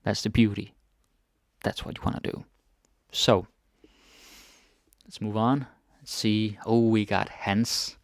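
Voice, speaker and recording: Guy teaching a chill language lesson, kinda low gravelly voice, repeats everything, says "right?" a lot. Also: slow, pauses often, no room sound, studio quality. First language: Danish. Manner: relaxed, repeats words, asks "right?" often.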